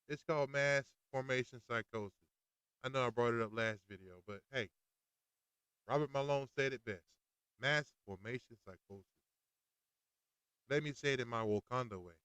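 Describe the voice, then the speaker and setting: A man hosting a podcast, ranting in an animated, exasperated way while recording outdoors. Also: mid-range voice, clean tone, no room sound. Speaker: podcast host. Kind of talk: casual ranting monologue.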